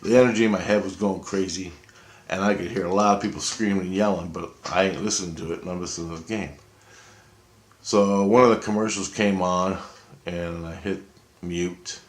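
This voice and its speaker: A man's voice: low-pitched, moderate pace, roomy sound. A man telling a long, rambling personal story in a casual, profane way, restarting his sentences as he goes. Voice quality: profane, excitable, talks in restarts. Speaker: vlogger.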